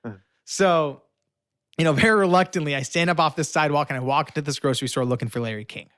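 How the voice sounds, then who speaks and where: A young man recounts a story with animated energy, leaning on fillers and slipping into the voices of the people in it. His voice sits a little high. The sound is dry and close. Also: quick pace, dry recording. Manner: acts out quoted voices, shouting and pleading; frequent fillers. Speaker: guest storyteller.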